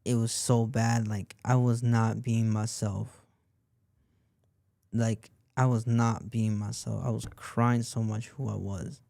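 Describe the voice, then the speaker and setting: A man's voice: on the low side, flat delivery, slow, gravelly, mellow, no echo, clean studio sound. A young man hosting a podcast, telling a personal story in a rambling way and leaning on "like" and repeated phrases. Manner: rambling, repeats himself, lots of "like". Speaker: podcast host.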